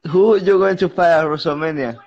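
A male caller talking slowly and distractedly, repeating himself over muffled phone audio with music behind. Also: fairly high pitch, gravelly. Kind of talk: casual live video chat.

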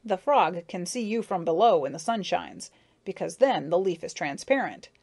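A woman's voice: on the low side, expressive, moderate pace, a little mellow. A woman voicing a jeering male blue bottle fly in a storybook reading. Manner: jeering, know-it-all.

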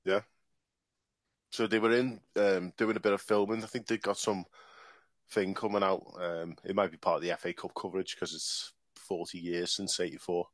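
A man co-hosting a football podcast, telling a story in a relaxed, dry way with lots of ums. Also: low voice, moderate pace, no echo. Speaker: podcast co-host. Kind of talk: casual storytelling.

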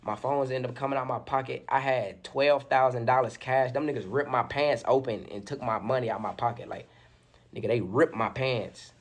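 A young man casually retelling a story in an animated, slangy way, full of fillers. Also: medium pitch, moderate pace. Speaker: storyteller in a played interview clip.

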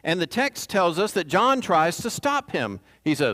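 A man preaches a sermon conversationally, often checking in with the congregation by asking "right?" His voice is on the high side, bright and forceful, with huge pitch swings, a moderate pace and hardly any pauses.

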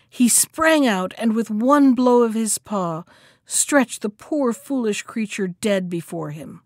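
A woman reading a folktale aloud as a storyteller, lively in the quoted lines. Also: mid-range voice, no room sound, studio quality. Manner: expressive, acts out the characters' lines.

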